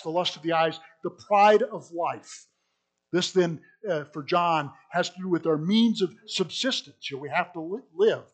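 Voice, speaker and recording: A man preaching a sermon in a fairly high voice. He leans hard on key words, then drops to soft asides, and speaks to the room as folks. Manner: emphatic, swinging between loud stresses and quiet asides; addresses listeners as folks.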